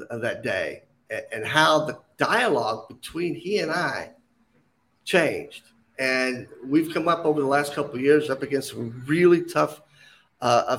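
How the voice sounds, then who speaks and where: Animated gravelly-voiced man telling stories. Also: mid-range voice, slight background noise. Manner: animated, acts out quoted voices. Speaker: podcast guest, speaker. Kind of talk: storytelling in an interview.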